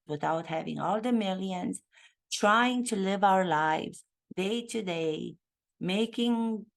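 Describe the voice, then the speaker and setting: A woman from Romania, an acting coach, giving emphatic, sarcastic commentary in a vlog and repeating phrases for effect. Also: medium pitch.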